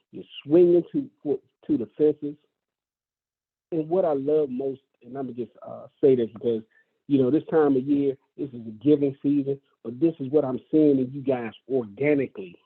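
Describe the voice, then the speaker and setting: A man's voice: medium pitch, normal speed, breathy edge. A man leading a real estate brokerage gives a folksy, enthusiastic motivational speech to his agents, often repeating himself for emphasis. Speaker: brokerage leader addressing agents. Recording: tinny phone-like sound.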